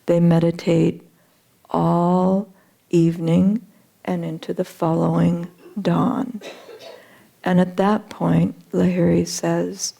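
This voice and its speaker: Gravelly low-voiced woman telling a story. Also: level tone, slow pace, dark tone. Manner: earnest retelling with frequent uh and you know. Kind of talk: storytelling in a spiritual talk.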